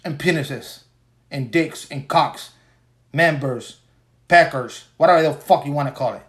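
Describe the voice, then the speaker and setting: This podcast host, a man in his forties, talks by himself in a rambling, foul-mouthed casual rant, weary after a long workday. His voice sits on the high side with a fairly bright tone, and he goes a little slowly.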